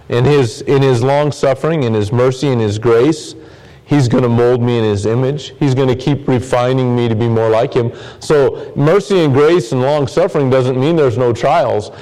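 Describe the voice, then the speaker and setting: A man's voice: medium pitch, warm tone, poor audio. A man preaching a sermon as pastor, earnest, often repeating words and phrases for emphasis.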